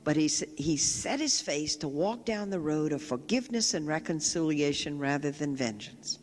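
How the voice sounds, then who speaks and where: A woman's voice: low voice, expressive, normal speed, darkish tone. Woman storyteller in a reverberant chapel. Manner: vivid storytelling, quotes people directly. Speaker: Catholic sister giving a public talk. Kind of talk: storytelling lecture. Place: large chapel. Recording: long reverb of a large chapel.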